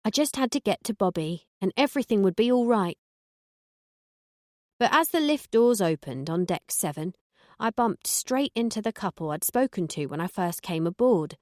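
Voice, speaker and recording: A woman reading a first-person audiobook in a dry, sardonic, deadpan way. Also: medium pitch, no echo. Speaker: audiobook narrator.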